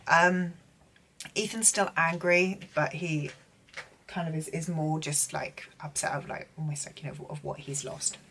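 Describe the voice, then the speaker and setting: A woman's voice: low-pitched, steady tone, a little slow, a bit bright, slight background noise. A young woman giving a casual, gushing book recap, full of filler words. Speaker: book vlogger.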